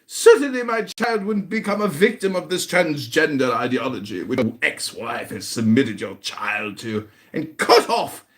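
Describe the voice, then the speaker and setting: A man's voice: mid-range voice, expressive, a little slow, hardly any pauses, fairly bright tone, voice pushed down. A man doing a mocking, put-on English accent as a theatrical, sneering insulter in a voice chat roast. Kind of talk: mock roast in a voice chat room.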